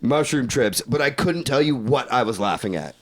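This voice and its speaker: A man's voice: medium pitch, lively intonation, moderate pace. A young man, co-hosting a podcast and telling a long story in casual chat, rambling, swearing a lot and laughing. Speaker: podcast co-host.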